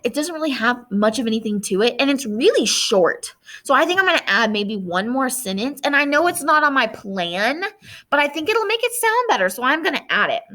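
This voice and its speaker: Woman teacher with a high, bright voice, talks kids through editing in a friendly way. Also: very animated, fairly quick. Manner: friendly, thinking aloud while reading her own essay. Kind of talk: classroom lesson for children at home.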